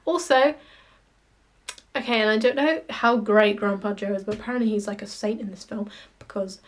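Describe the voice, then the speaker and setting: A woman ranting in a casual vlog, animated, sweary and mocking. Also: medium pitch, normal speed. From United Kingdom. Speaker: vlogger. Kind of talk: casual ranting monologue to camera.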